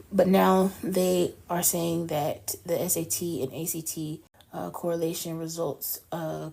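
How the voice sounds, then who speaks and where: A woman's voice: fairly low pitch, vocal fry, darkish tone. A woman co-hosting a podcast, reading through a news item in a loose, conversational way and adding her own asides. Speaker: podcast co-host. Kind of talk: casual news roundup.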